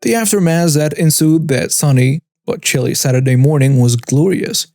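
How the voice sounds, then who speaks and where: Man narrating stories with a mellow tone. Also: on the high side, normal speed, dry recording, studio quality. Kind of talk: scripted narration of online stories.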